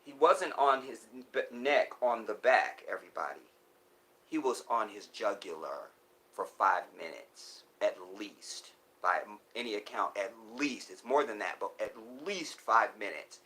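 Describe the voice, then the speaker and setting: A man talking live to his viewers in an emotional monologue, breaking off and restarting, swinging from loud urgent pleas to hushed near-whispers. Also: fairly low pitch, expressive, rough recording. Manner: halting, restarts often. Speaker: live streamer.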